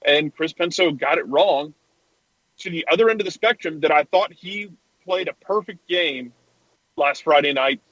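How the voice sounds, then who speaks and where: A man's voice: a little high, moderate pace, fairly bright tone, no echo, muffled recording. A man co-hosting a casual soccer podcast, wry and sarcastic. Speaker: podcast co-host. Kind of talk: casual sports talk.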